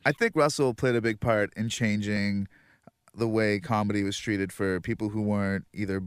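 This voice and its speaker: A man in a casual interview, speaking in a measured, reflective way. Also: on the low side, fairly even intonation, crowd noise, background noise.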